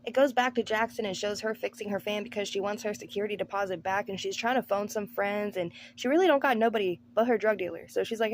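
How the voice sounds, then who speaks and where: A woman's voice: mid-range voice, fast talker, hardly any pauses, slight background noise. Woman, movie review host, casual recap, breezy and sarcastic, mid-range voice. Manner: sarcastic, breezy, acts out characters' lines.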